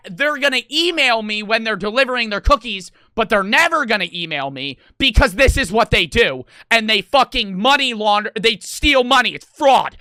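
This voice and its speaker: A young man tells a story on stream in an animated, excitable rush, swearing freely and hitting his words hard. His voice is bright and forceful, with a lively pitch that jumps all over. The sound is close and dry. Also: dry recording. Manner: excitable, swears a lot, rapid and emphatic. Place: gaming house room.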